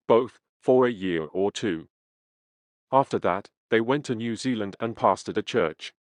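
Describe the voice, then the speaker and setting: Low-voiced man reading a memoir. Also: no room sound, studio quality. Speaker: audiobook reader. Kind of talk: first-person memoir narration.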